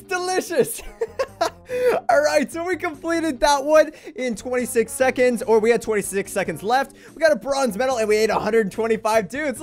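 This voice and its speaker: A man giving playful let's play commentary, making goofy puns and laughing often. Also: very high-pitched. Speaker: gaming video creator.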